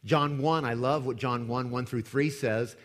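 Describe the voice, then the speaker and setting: A man preaching a sermon with dramatic emphasis, swinging from loud declarations to hushed lines. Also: medium pitch, fairly even intonation, unhurried. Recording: echoey hall with long reverb.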